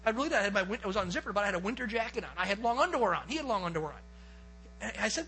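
Pastor, male, high and bright voice; animated storyteller mid-sermon. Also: racing, slight background noise, poor audio. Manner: lively storyteller, acts out quotes and gets excited. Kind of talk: sermon with a personal hunting story.

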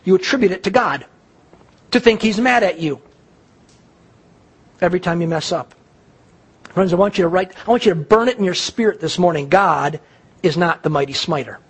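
A male pastor delivering a sermon, preaching emphatically with dramatic pauses and repetition. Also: high-pitched, expressive, breathy edge.

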